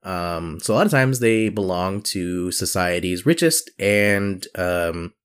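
A man's voice: deep voice, expressive, slow, clean tone. A man co-hosting a podcast in casual chat, joking and rambling with fillers. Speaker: podcast co-host.

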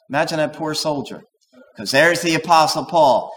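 A man preaching a sermon as pastor, talking in an animated, digressive way and acting out quoted voices. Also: on the high side, moderate pace, poor audio. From United States.

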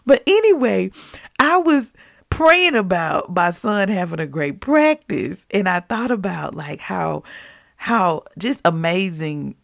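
Low-voiced woman with a bit of fry, casual animated devotional talk, dry recording. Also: takes it slowly, dry recording. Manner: chatty and animated, with laughs and acted-out quotes. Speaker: devotional speaker.

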